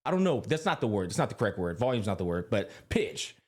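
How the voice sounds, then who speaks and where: A man's voice: on the low side, big pitch swings, fast talker, breathy edge. A young man co-hosting a podcast, talking casually with lots of energy and a bit of swearing. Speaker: podcast co-host. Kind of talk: casual chat.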